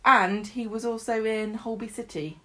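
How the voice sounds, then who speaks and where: A woman's voice: fairly high pitch, fairly even intonation, moderate pace, fairly bright tone. A woman chatting enthusiastically as a podcast co-host, full of fillers and restarts. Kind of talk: casual chat about a soap opera.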